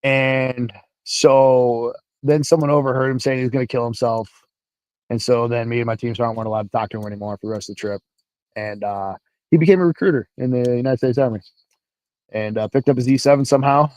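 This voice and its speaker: A man, an army veteran, telling stories in a casual livestream chat, profane and animated. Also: mid-range voice, brisk, dry recording.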